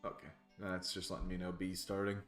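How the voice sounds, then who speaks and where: A man's voice: sits low, completely flat delivery, a little fast, a bit bright, faint music behind. A young man casually commenting on a game he streams, wry and joking. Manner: wry, joking, laughs often.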